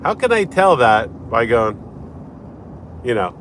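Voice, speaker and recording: A man's voice: mid-range voice, takes it slowly, a little hiss or hum. A man chatting casually in a morning vlog from his car, rambling through a story with lots of restarts. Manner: chatty, rambling, animated retelling with repeated restarts. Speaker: lawyer. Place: in a car while driving.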